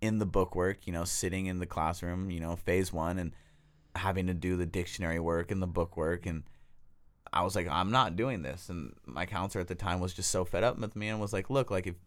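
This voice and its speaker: A young man with a Bay Area accent tells a story in a casual, laid-back way. His voice sits low, and his talk is full of slang and easy laughter. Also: steady tone, a little fast, a bit bright. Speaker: guest, detox technician. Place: podcast studio.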